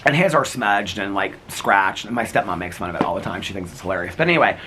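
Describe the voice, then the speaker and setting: A man's voice: lowish voice, lively intonation, quick pace, sharp tone, slight background noise. A middle-aged man vlogging in a rambling casual chat, laughing often as he talks.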